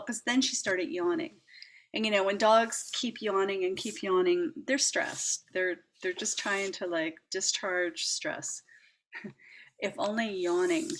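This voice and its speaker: A woman hosting a reflective personal talk, speaking gently with frequent laughs, fillers and restarts. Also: medium pitch. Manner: gentle, warm-hearted, laughs often, many fillers and restarts. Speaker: host.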